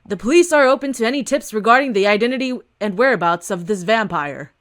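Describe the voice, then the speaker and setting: A woman's voice: on the high side, lively intonation, close to an everyday voice. A woman doing a stern police captain. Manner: slow, emphatic.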